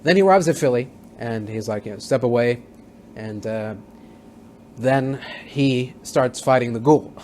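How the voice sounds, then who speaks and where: A man's voice: medium pitch, measured pace, a little mellow, slight background noise. A man casually recapping a TV episode as a reviewer, rambling with many fillers and restarts. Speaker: TV show reviewer.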